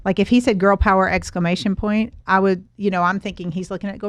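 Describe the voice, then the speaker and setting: A middle-aged woman hosting a podcast, chatting casually in a playful, animated way. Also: mid-range voice, fast talker, no echo. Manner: animated, playful, trails off and restarts. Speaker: podcast host.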